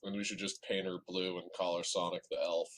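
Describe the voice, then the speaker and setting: A man playing a tabletop game, joking with quick asides. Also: low-pitched, level tone, fairly bright tone. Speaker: player. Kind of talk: casual tabletop game chat.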